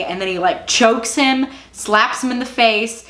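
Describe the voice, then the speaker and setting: A woman talks through a TV series in a loose, chatty recap. Her speech is full of "like," and she is openly invested. Her voice sits at an ordinary middle pitch and carries a roomy echo. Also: unhurried, fairly bright tone. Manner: emotionally invested, exclaiming. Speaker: TV show reviewer. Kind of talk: casual recap and review.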